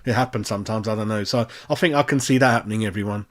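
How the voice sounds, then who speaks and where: A man's voice: on the low side, very fast. A man hosting a casual match-reaction chat, chatty and ranting with plenty of swearing. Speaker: fan channel host.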